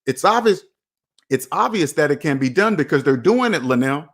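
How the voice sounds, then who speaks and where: Man, 40s, slightly high voice, repetitive motivational finance monologue, preachy. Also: lively intonation, normal speed. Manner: preachy, repeats himself, talks to himself by name. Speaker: personal finance video host.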